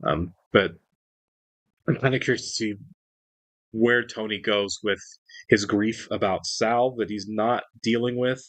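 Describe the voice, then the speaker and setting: Male reaction host, lowish voice, loose rambling recap full of restarts, dry sound. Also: a little slow, pauses often, fairly bright tone, no echo. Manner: rambling, many restarts and fillers. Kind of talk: casual episode recap.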